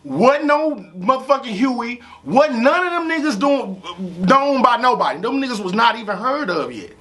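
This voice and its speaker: Guesting on a casual storytelling interview, a rapper from St. Louis, USA, speaks at a moderate pace with a very high-pitched yet gravelly voice. His delivery is lively and full of profanity, and "you know what I'm saying" comes up repeatedly.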